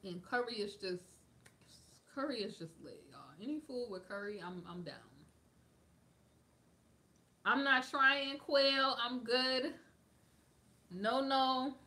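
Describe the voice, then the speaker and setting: A woman's voice: a little high, lively intonation, a little slow, fairly bright tone. A woman hosting a livestream, chatting casually and answering viewers' comments, with lots of "like" fillers as she drifts between topics. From United States. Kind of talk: casual chat.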